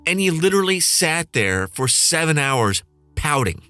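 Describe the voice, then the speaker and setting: A man's voice: fairly high pitch, big pitch swings, moderate pace, sharp tone, clean tone, no room sound, faint music behind. A man hosting a podcast, ranting in a snarky, profane, sarcastic way. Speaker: podcast host and flight attendant. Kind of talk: comedic rant.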